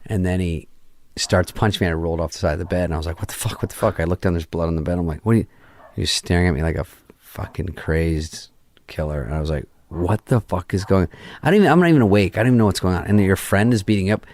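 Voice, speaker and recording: A man as a podcast guest, telling a long story in a casual, deadpan way, full of swearing and acted-out dialogue. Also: low-pitched, fast. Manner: profane, deadpan anecdote acting out quoted dialogue. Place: podcast studio. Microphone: studio microphone.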